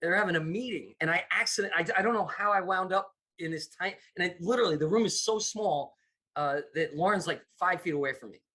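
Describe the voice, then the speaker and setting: A man's voice: high-pitched, a little fast. A middle-aged man from the United States, a comedy producer telling stories in a casual interview, acting out the voices of people he quotes. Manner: animated, acts out quoted voices. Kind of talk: casual storytelling.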